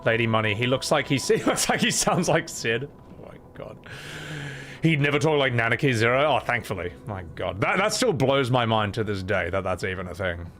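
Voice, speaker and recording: A man's voice: mid-range voice, animated, fairly quick, a bit bright. A man streaming and chatting casually with his viewers, playful and swearing, cooing at his cat. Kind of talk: casual live-stream chat.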